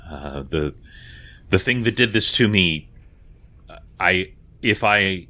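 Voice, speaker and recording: A man voicing a young woman just thawed from ice, her hair turned gray, who speaks in halting, broken restarts. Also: sits low, expressive, pushed and bright, heavily acted. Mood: haunted. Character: young woman freed from ice, now gray-haired, shaken and urgent.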